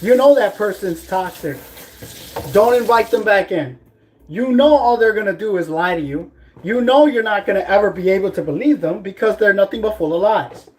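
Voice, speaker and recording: A man's voice: high voice, expressive, normal speed. A man on a casual vlog who gives blunt, profane, preachy life advice while making food in his kitchen at home. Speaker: vlogger. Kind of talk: casual livestream pep talk.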